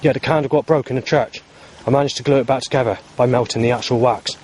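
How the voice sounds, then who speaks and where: A man's voice: medium pitch, fairly even intonation, quick pace, darkish tone, a little hiss or hum. A man talking to camera outdoors in a rambling, agitated vlog monologue, full of fillers and restarts. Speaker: vlogger. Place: outdoors in the heat.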